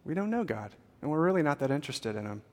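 A man's voice: a little high, sing-song, fast talker, darkish tone, long reverb tail. A man preaching a sermon as a pastor, earnest and conversational, with frequent fillers.

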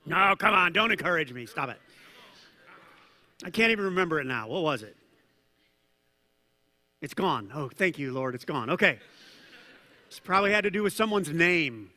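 Animated high-voiced male pastor preaching. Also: big-room sound. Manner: animated, conversational preaching with asides and jokes. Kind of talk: sermon. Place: church hall.

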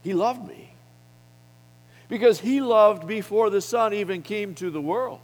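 A middle-aged man preaches boldly to a gathering of men, pressing his points with emphasis and letting his volume surge and drop. His voice sits a little high for a man. Long reverb from the hall trails after his words. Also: a little slow. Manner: bold, emphatic preaching with wide swings in loudness. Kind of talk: sermon.

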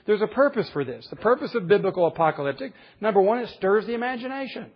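A man preaching a conversational sermon, earnest, rising in pitch for emphasis and dropping to quiet asides. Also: animated, fast, breathy edge, muffled recording.

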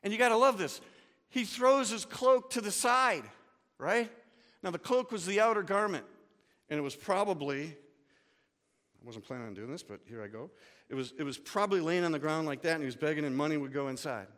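A man's voice: high voice, a little fast, a bit bright, big-room sound. A male pastor preaching a sermon, telling the story vividly and dropping casual asides.

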